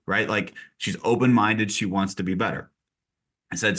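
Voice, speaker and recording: Animated man coaching, acting out scenes. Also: brisk. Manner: animated storyteller, acts out dialogue with big pitch jumps. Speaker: podcast host and real estate coach. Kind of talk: casual podcast interview.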